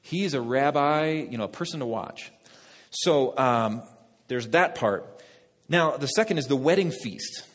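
A male pastor preaching a sermon, lively, talking directly to the congregation. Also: medium pitch, measured pace. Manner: lively, talks to the congregation, laughs at own jokes. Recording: long reverb of a hall.

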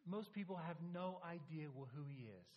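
Male preacher, animated storyteller, somewhat high pitch, muffled lo-fi recording. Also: normal speed. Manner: animated storytelling with emphatic repetition. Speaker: pastor. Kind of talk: sermon.

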